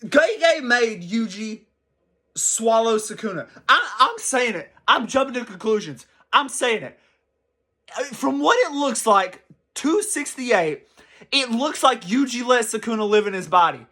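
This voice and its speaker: A young man giving casual, excitable commentary as a channel host, rambling and swearing freely. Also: extremely high pitch, a little slow.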